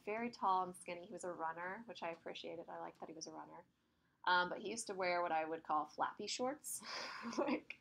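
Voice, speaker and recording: A woman's voice: mid-range voice, bright, forceful tone. Woman math teacher, casual classroom lecture, chatty, with a faint hiss behind her. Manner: chatty, laughs while telling stories.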